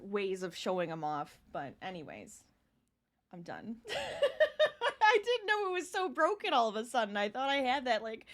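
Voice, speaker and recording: A woman's voice: a little high, wildly swooping pitch, a little slow, fairly bright tone. A young adult woman chatting casually with her live-stream viewers while she crochets, laughing often as she talks.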